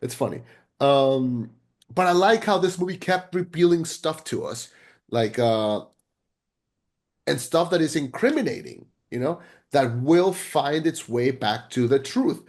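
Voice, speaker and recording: Rambling, excitable male podcast host. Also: medium pitch, unhurried. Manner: excitable, rambling, swears casually. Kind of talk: casual film review chat.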